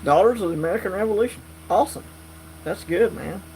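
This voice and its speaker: Guy on a live stream, kinda high voice w/ some fry, just chatting easy. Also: quick pace, rough recording. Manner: drawling, relaxed, reads and answers chat. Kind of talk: casual live stream chat. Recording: faint mains hum.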